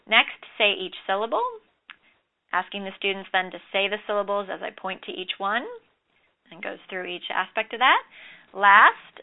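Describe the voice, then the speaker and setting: Gravelly woman instructor, tinny audio. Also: medium pitch. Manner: measured, explanatory, with occasional fillers. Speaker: instructor explaining a lesson. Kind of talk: lecture over slides.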